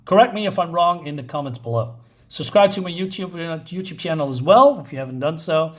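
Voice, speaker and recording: A man's voice: a little high, expressive, a little fast. A man giving a casual, rambling spoken comic book review, full of fillers and restarts.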